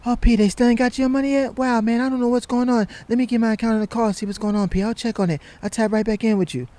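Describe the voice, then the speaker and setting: A man's voice: very high voice, fairly even intonation, quick pace, warm tone, voice pushed up. A man voicing an evasive acquaintance who keeps stalling on paying back money, in a falsely friendly manner. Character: evasive smooth-talking man dodging a debt.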